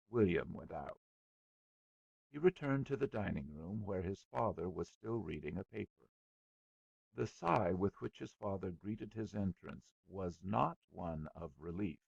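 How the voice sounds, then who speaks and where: A man reading a children's story aloud with measured, expressive scripted narration. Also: low-pitched, gravelly, husky, no echo, dull audio. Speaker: audiobook narrator.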